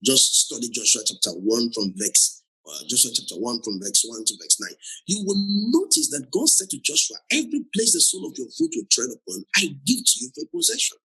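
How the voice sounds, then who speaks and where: A man's voice: mid-range voice, big pitch swings, a little fast, gravelly, sharp tone, breathy edge, low-quality recording. A man preaching a sermon who laughs often and repeats phrases for emphasis, with a Nigerian accent. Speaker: pastor.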